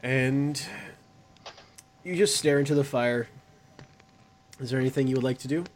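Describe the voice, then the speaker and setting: A man narrating a tabletop game as game master, slow and descriptive, with pauses and fillers. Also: medium pitch, slight background noise.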